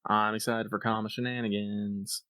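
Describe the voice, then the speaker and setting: A man's voice: on the low side, little pitch movement, moderate pace, bright, forceful tone, clear, resonant tone, dry recording. A man co-hosting a casual podcast, chiming in with short, dry interjections. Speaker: podcast co-host.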